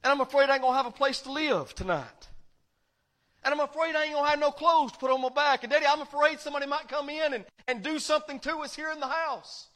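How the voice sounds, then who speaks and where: A frightened young child pours out worries to daddy in a quick, anxious rush. The voice is high and, put on by a male preacher mid-sermon. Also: sharp tone. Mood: fearful. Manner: anxious, rushed pleading.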